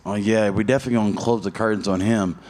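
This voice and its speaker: A man's voice: steady tone, quick pace, darkish tone. A man who fights professionally, answering questions in a casual interview, telling stories with a lot of swearing and rambling. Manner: profane, rambling storyteller; jumps high in pitch when telling a story. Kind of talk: casual media day interview.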